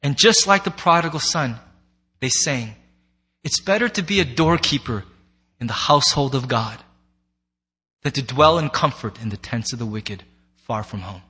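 A man's voice: mid-range voice, lively intonation, normal speed, long pauses, bright, forceful tone. A man preaching a sermon to a congregation, conversational and playful, slipping into acted asides. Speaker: pastor. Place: church sanctuary before a congregation.

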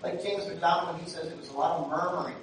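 A pastor preaches conversationally, shifting between quiet asides and loud, emphatic bursts, recorded from a distance in a very echoey church hall with faint noise. His voice is fairly high with fairly even intonation, and he talks quickly.

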